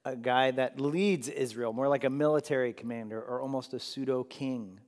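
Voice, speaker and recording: A man's voice: medium pitch, moderate pace, darkish tone. Guy teaching bible class, laughs a lot, keeps asking "right?", medium voice, long echoey hall. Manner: chatty, laughs often, asks the room "right?". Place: large room with a group of listeners. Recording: long echo of a large hall.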